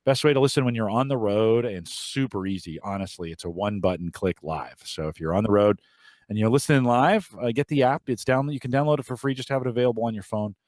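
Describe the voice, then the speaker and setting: A man's voice: lowish voice, fast, a little mellow, dry recording. A man hosting a podcast in casual, rambling chat with frequent restarts. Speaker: podcast host.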